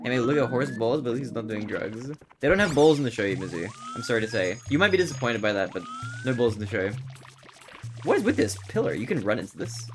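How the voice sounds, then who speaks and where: Male streamer, lively swooping delivery, chatty and quick to laugh, game music playing underneath. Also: mid-range voice. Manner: animated storyteller, laughs often. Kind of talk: casual livestream chat while speedrunning.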